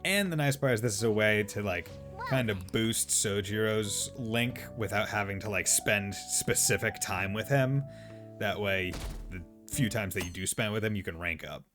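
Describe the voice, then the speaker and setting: A man's voice: on the low side, normal speed, over music. A young man giving casual, rambling commentary while streaming a video game, joking and laughing often.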